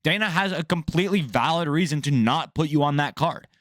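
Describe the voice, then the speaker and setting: A young man with a fairly high voice rants bluntly about fight news, swearing freely and speaking in a casual, opinionated way. He is recorded close and dry, with no room sound around him. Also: brisk, no echo. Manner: blunt, profane, animated ranting. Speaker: MMA news host.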